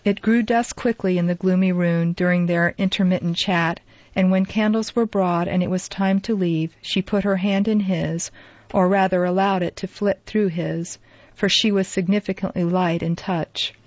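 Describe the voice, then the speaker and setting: Woman reading a classic novel aloud, measured, dull dry lo-fi audio. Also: lowish voice, fairly even intonation, a little mellow, dry recording. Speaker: audiobook narrator. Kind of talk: scripted narration.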